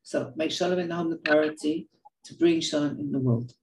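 An older woman giving a heartfelt personal talk, telling stories in an earnest, animated way and often repeating words. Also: low voice, brisk, echoey room, background noise. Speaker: speaker sharing reflections.

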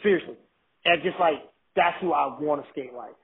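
A man telling excited stories in a casual chat, often restarting his sentences. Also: a little high, moderate pace, creaky, a little hiss or hum. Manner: excited, animated storytelling with restarts. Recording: thin phone-like line.

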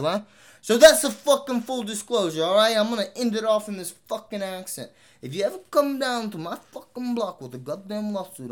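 A man's voice: high voice, pitched above the performer's own voice. A man voicing a tough-talking male New York mobster type in a thick put-on New York accent, swaggering, threatening and swearing heavily.

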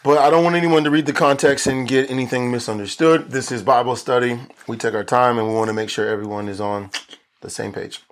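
A man's voice: mid-range voice, steady tone, brisk. Earnest man preaching a Bible study. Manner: earnest, emphatic, repeats key phrases for stress. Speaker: pastor teaching Bible study. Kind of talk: Bible study sermon recorded for video.

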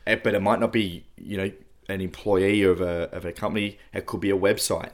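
A man co-hosting a podcast, calmly walking through how a scam works in casual chat. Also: deep voice, fairly quick. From Australia. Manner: explanatory, steady walkthrough. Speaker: podcast co-host.

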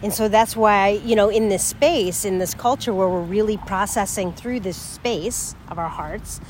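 A woman co-hosts a spiritual discussion, thinking aloud and asking reflective questions. Her voice sits in a middle pitch. Faint background noise stays under the recording. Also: moderate pace, darkish tone. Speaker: co-host.

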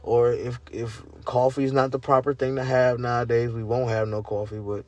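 A man, ranting casually and incredulously to his viewers, swearing and climbing high in pitch when worked up. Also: flat delivery, normal speed, a little mellow, no echo. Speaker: vlogger. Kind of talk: casual rant to camera.

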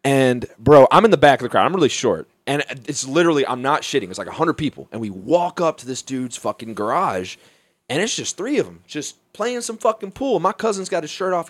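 Young guy from alabama swearing up a storm, voice jumping all over, kinda high, dry sound. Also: no echo. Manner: profane, animated, laughing often. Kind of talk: casual storytelling.

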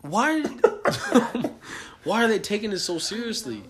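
A young man casually telling a story on a podcast, animated and profane, acting out the people he quotes. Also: sits high, slow pace. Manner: animated, swears a lot, acts out quotes. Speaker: podcast co-host.

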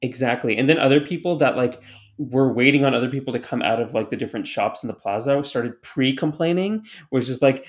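A man recounting a story to a co-host in loose, casual chat. He rambles, circles back, stacks up fillers and curses freely. His voice sits at an ordinary middle pitch. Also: a little fast. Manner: rambling, many "like" fillers and restarts, swearing. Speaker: podcast co-host.

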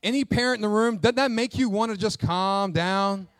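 High-voiced pastor preaching animatedly. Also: male voice, no echo. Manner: animated, conversational preaching with quick jokes and asides. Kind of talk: sermon.

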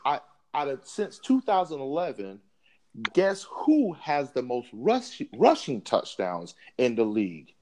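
A man's voice: mid-range voice, huge pitch swings, unhurried, a little mellow. A man co-hosting a sports podcast, arguing a point with emphatic, repeated words. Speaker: podcast co-host. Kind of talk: sports debate.

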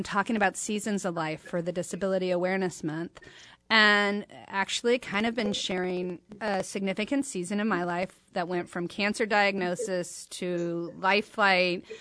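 A woman's voice: mid-range voice, no room sound. A middle-aged woman hosting a talk show, telling a personal story and acting out the dialogue. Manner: animated, acts out quoted dialogue. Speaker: host.

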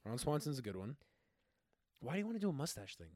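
A young man co-hosting a podcast in casual chat, animated and teasing, swearing freely. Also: mid-range voice, fast talker, no echo. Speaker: podcast co-host.

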